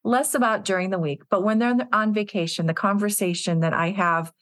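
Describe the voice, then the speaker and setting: A woman's voice: mid-range voice, steady tone, brisk, fairly bright tone, dry recording. A woman executive director speaking as a podcast guest, telling workplace stories in an earnest, conversational way. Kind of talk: casual interview conversation.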